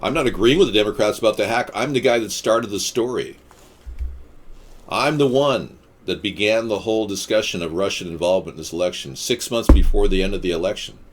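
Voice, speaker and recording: A man hosting a casual live stream, answering viewer comments in a rambling, deadpan-joking way with quips and rants. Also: lowish voice, brisk. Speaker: livestream host.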